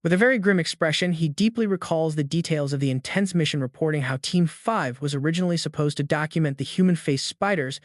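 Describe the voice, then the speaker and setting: A man narrating a comic recap in a dramatic, even-paced storytelling manner. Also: on the high side, fast talker, few pauses, no room sound, clean studio sound.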